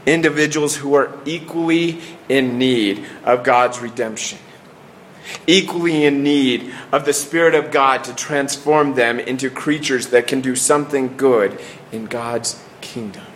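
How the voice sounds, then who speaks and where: A middle-aged man with a mid-range, somewhat bright voice gives an earnest sermon, recorded with a little hiss or hum. His delivery is full of restarts, and phrases trail off into falling pauses.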